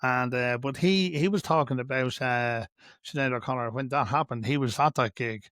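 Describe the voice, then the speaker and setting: An Irish man hosting a podcast in easy, rambling chat with many fillers and encouraging asides. His voice is mid-pitched for a man and recorded dry and close. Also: normal speed, fairly bright tone, no echo. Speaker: podcast host. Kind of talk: casual chat.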